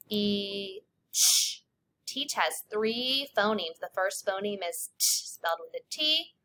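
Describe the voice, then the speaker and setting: A woman teacher leading young children through a spelling lesson, sounding out letters and sounds slowly and clearly. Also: medium pitch, pushed and bright, slight background noise.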